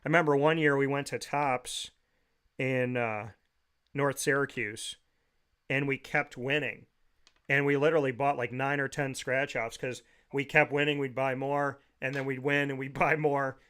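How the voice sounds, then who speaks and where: Smooth-voiced man reminiscing warmly. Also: mid-range voice, steady tone, moderate pace. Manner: rambling storyteller with frequent restarts. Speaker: talk show host. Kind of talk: heartfelt reminiscing on a talk show.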